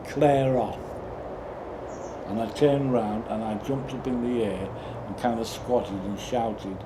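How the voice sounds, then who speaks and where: Rambling man, low voice, noisy outdoor echo. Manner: rambling, halting, with many restarts and sudden outbursts. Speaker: storyteller. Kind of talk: rambling personal monologue. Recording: roomy echo with loud background noise.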